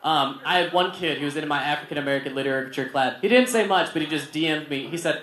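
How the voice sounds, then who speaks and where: A young man performing a stand-up comedy set at a barbecue restaurant, acting out other people in raised, animated voices. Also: fairly high pitch, moderate pace. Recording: roomy venue with laughter.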